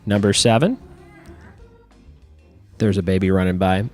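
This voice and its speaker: A man hosting a trivia podcast in a casual, joking way, reading out quiz terms slowly and clearly and then riffing on them. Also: fairly low pitch, lively intonation, faint music behind. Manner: playful, jokey, drawn-out quiz terms.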